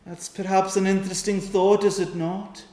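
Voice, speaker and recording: A man preaching an earnest sermon, pleading with his listeners and pausing for effect. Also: sits high, little pitch movement, dark tone, roomy sound. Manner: earnest, pleading, with dramatic pauses and quoted prayers.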